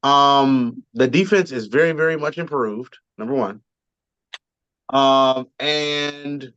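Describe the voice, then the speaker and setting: A man chatting casually on a sports podcast, his talk full of ums and restarts. The voice sits at a middle pitch, close and dry, with slightly dull, muffled audio. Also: slow, fairly bright tone, clean tone, no room sound. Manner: rambling, frequent ums and restarts. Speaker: podcast co-host.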